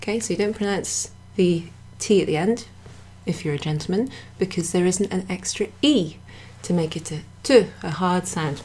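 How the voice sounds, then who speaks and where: In an indoor room at a pub, a British woman gives a chatty beginner French lesson, correcting herself and laughing at her own slips. Her voice is fairly low, a little mellow, with a breathy edge, and she speaks at normal speed with hardly any pauses.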